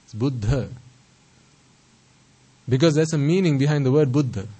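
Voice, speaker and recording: A man's voice: fairly high pitch, fast talker, mellow, husky, poor audio. A man giving a Buddhist sermon, asking the listeners rhetorical questions and repeating phrases to stress his points. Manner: stresses pronunciation carefully. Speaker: Buddhist teacher.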